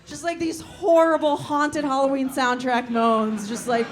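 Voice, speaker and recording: A high-pitched young woman performing stand-up comedy, telling her story at an unhurried pace and laughing through it. She often breaks into loud shouted voices, with a faint hum of ambience behind her. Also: little pitch movement.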